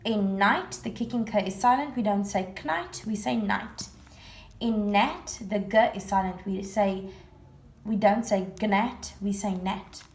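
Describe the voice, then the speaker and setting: A woman's voice: mid-range voice, steady tone, a little slow. Woman teacher explaining in a roomy room. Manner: patient, repetitive word-by-word explaining. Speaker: primary school teacher. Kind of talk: recorded home-learning lesson. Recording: roomy echo.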